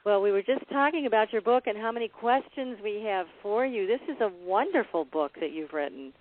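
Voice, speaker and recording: A woman co-hosts a radio interview, asking long wandering questions. Her mid-pitched voice sounds thin and tinny, like a phone line. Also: animated, fairly quick. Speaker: radio show co-host.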